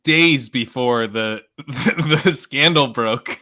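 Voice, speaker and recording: A man co-hosting a casual podcast chat, laughing often and tossing in quick joking asides. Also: mid-range voice, bright, forceful tone. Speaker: podcast co-host.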